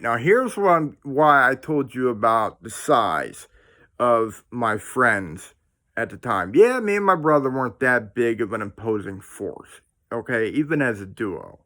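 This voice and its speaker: A man hosting his own channel, telling a story to camera in a casual, excitable, rambling way full of restarts and slang. He is talking indoors at home. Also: medium pitch. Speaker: paranormal storyteller, channel host.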